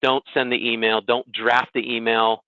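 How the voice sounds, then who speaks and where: A man's voice: medium pitch, level tone, normal speed, dry recording. A man giving a casual, conversational webinar presentation who often checks in with listeners by asking "right?". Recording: tinny phone-like webinar audio, dry.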